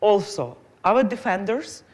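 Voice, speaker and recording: A woman's voice: mid-range voice, lively intonation, a little slow. A woman with a Ukrainian accent, a native Ukrainian speaker, answering as a conference panelist in earnest, non-native phrasing.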